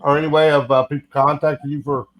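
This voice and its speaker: A man's voice: a little high, level tone, quick pace, muffled recording. A man hosting a podcast in a loose, chatty way, leading the talk and the breaks. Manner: loose, chatty, drops fillers. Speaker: podcast host. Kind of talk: casual podcast chat.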